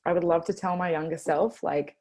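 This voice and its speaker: Australian woman in her twenties, low and gravelly. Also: fairly even intonation, a little mellow. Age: 20s. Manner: earnest, laughs often, speaks slowly when stressing a point. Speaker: guest. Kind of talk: casual podcast interview.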